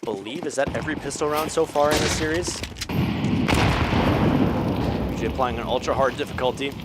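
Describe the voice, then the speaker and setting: Young male caster, solo play-by-play, energetic, average pitch, loud game gunfire behind. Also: fast, very noisy. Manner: energetic, voice climbing on big plays. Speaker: esports caster. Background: game sound effects and gunfire.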